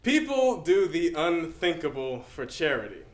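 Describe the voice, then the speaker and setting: A young man introducing a dramatic interpretation piece in a deliberate, emphatic way, dropping to a hush on key words, on a stage in an echoey hall. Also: fairly high pitch, very animated. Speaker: speech team competitor.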